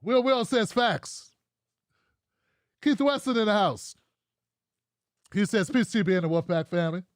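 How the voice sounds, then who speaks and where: A man's voice: high voice, expressive, measured pace, pauses often, no room sound, clean studio sound. A man from the United States hosting a political livestream, ranting bluntly with heavy profanity and reading out viewer comments. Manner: reads out live chat comments. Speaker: livestream host.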